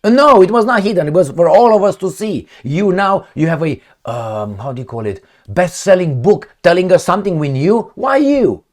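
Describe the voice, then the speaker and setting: A man's voice: high-pitched, moderate pace, few pauses. A man riffs through his own commentary vlog in a blunt, profane way, with a voice that swings up and down all the time. He hammers points home by repeating words and throws in mouth-made sound effects like gunshots and kicks. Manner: animated, emphatic, repeats words for stress. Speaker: channel host. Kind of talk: opinionated political commentary vlog.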